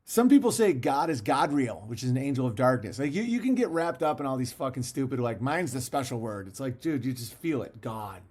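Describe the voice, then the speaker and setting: A man hosting a casual livestream and reading viewer messages, talking in a profane, rambling way with frequent laughs while fasting. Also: medium pitch, very animated, a little mellow.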